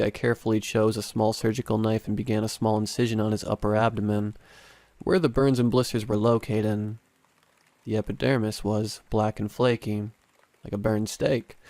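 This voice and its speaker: A man narrating a first-person horror story in a measured, dramatic way. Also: lowish voice, a little mellow, no echo.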